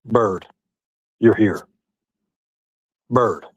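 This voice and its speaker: A man hosting a casual livestream, talking to his chat and a guest. He taunts and mocks in a profane voice, dropping to low mutters and then jumping into high, excited outbursts. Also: drawn-out words, muffled recording, a little hiss or hum. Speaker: livestream host. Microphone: streaming setup.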